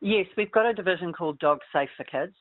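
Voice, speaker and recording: A woman's voice: fairly low pitch, quick pace. New woman on a phone line. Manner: steady, explanatory. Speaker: guest expert on dog safety. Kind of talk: interview answers.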